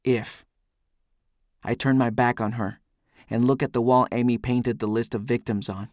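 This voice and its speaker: A man's voice: mid-range voice, fairly even intonation, normal speed, darkish tone, dry recording, studio quality. A man giving an intense, brooding first-person audiobook narration.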